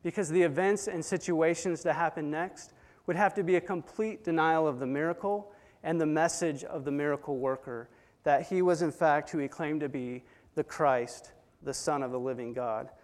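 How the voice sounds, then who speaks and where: A man preaching a sermon, retelling a story with dramatic swings between hushed and loud delivery. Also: a little high, moderate pace. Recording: long hall reverb.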